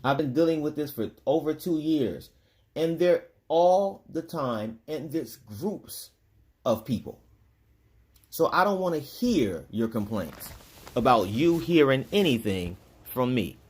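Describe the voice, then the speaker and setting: A man speaking in a relaxed, rambling vlog monologue. He talks straight to the listener in a voice of ordinary pitch. He drifts from point to point and chuckles between them. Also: takes it slowly. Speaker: vlogger.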